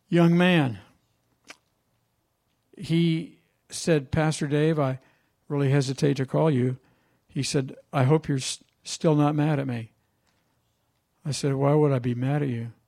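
This sermon comes from a male pastor who speaks conversationally through stories and regularly asks the congregation questions. His gravelly, slightly high voice is steady and mellow, unhurried, with long pauses.

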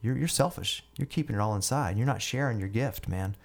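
A man's voice: on the low side, brisk, gravelly. A man voicing a tipsy male barfly who lectures insistently and pushily. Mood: lecturing.

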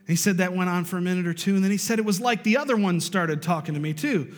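A male pastor preaching a storytelling sermon, swinging from loud bursts to hushed, low lines. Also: fast talker, few pauses, long reverb tail, faint music behind.

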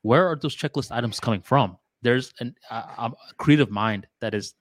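A man of middle pitch reasons his way through ideas on a casual podcast. His talk is loose and full of filler words. The recording is close and dry, with no room sound. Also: moderate pace, no room sound. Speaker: podcast co-host. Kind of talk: casual chat.

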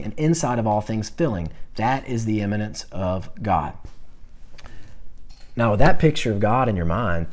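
A man teaching a Bible class in a conversational, animated way, talking back and forth with his students. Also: on the low side.

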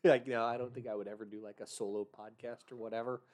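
A man's voice: medium pitch, flat delivery, quick pace, darkish tone. A man co-hosting a casual podcast, laughing often and poking fun at himself. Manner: self-mocking, laughs often. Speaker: podcast co-host.

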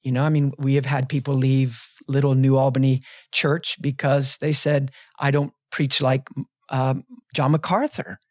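Earnest pastor telling a story. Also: male voice, mid-range voice, level tone, unhurried, a little mellow, dry recording, clean studio sound. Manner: earnest and reflective, many restarts. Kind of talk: podcast conversation, telling a personal story. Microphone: close studio mic.

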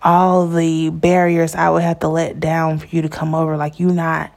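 A woman's voice: sits low, completely flat delivery, moderate pace, vocal fry, darkish tone. A young woman telling a personal story in a candid, chatty way, often laughing as she talks. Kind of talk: casual storytime monologue.

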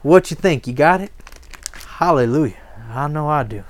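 A man's voice: on the high side, lively intonation, normal speed. A man preaching a sermon, emphatic and asking the congregation call-and-response questions. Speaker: pastor.

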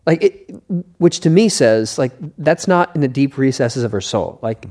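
A male author speaking as a guest in an easygoing interview. He tells stories earnestly, with a mid-range voice and an unhurried, thoughtful delivery. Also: medium pitch, expressive, mellow. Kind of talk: casual interview chat.

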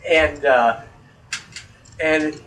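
A man's voice: a little high, extremely slow, far from the mic, a little hiss or hum, poor audio. A man telling a long story in casual podcast chat, swearing freely and acting out the voices of the people in it. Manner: animated storyteller, swears, acts out quoted voices.

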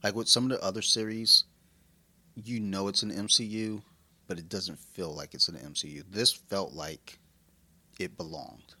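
A man co-hosting a casual podcast chat, talking in a rambling, profane and excitable way. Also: low voice, normal speed. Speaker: podcast co-host.

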